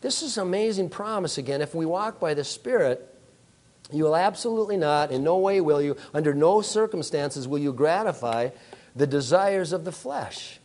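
A pastor preaching, telling a lively personal story and acting out his own panic before drawing the lesson. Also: fairly high pitch, moderate pace.

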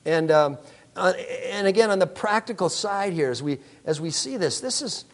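A man delivers a sermon in the voice of a storyteller, with a somewhat higher pitch than most men. He acts out his own reactions with big swings in volume, then settles into earnest preaching. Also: lively intonation, normal speed. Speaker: pastor.

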